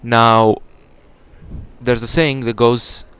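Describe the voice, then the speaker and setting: A man's voice: mid-range voice, little pitch movement, very slow, a bit bright, clean tone. A young man answering as a podcast guest in casual talk, explaining earnestly and building emphasis.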